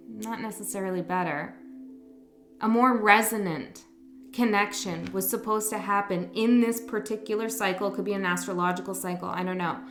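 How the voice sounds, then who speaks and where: A woman giving a casual tarot reading, talking gently and rambling, correcting herself as she goes. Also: medium pitch. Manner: gentle, rambling, self-correcting, soft laughs. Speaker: tarot reader. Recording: echoey room with faint music.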